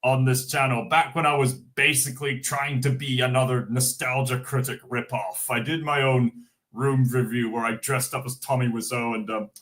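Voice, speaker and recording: This streamer host is a Scottish man with a mid-range, slightly bright voice and a steady tone at normal speed. His casual livestream chatter is jokey and giggly, meandering along with plenty of fillers.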